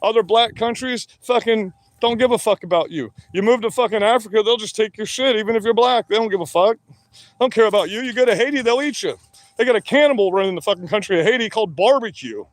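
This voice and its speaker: A man with a notably high voice delivers a long, combative monologue straight to his audience. He swears heavily and argues in short, hammering bursts. The sound is close and dry, with no room around it. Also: fast talker, no room sound. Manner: profane, combative, heavy swearing. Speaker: vlogger. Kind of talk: angry monologue rant.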